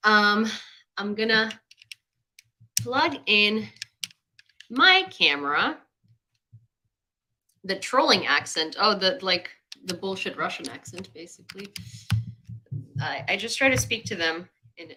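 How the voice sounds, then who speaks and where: A young woman chats with her livestream audience from a desk mic at home. Her voice is bright and carries a bit of edge. She fills pauses with "um" and turns sarcastic when she is annoyed. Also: medium pitch, poor audio. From Ukraine. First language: Ukrainian. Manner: chatty, with many fillers, sarcastic asides. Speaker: livestream host. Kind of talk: casual livestream chat.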